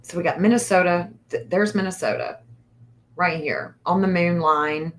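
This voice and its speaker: Woman, lowish voice, astrologer livestream host, thinking aloud, hesitant, repeats herself, faint background hum. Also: moderate pace. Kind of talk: casual livestream chart reading.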